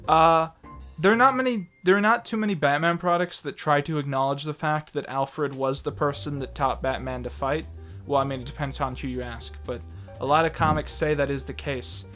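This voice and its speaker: A man's voice: a little high, a little fast, pushed and bright, faint music behind. A young man chatting casually as a movie review co-host, rambling with lots of fillers and restarts and laughing often.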